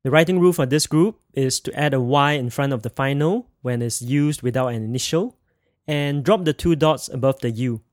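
A man teaching a pronunciation lesson, spelling sounds out and having the listener repeat each word after him with slow, careful enunciation. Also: mid-range voice, dry recording, clean studio sound. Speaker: language teacher.

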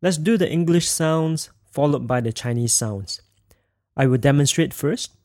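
A man teaching a podcast language lesson, speaking slowly and clearly as he demonstrates tones. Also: fairly high pitch, a little mellow, dry recording, studio quality.

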